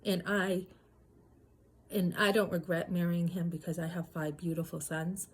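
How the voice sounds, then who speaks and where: A woman in her fifties talking straight to her viewers in a personal vlog, emphatic and indignant, acting out her own sharp words and holding back tears. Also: on the low side, flat delivery, normal speed, a little hiss or hum. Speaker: vlogger.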